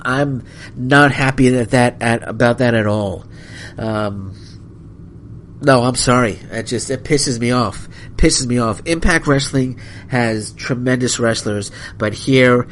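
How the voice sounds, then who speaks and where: Male podcast host, mid-pitch, frustrated rant full of restarts and apologies, faint hiss behind. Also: a little slow, fairly bright tone. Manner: angry, rambling, apologetic, many restarts. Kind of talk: solo wrestling podcast rant.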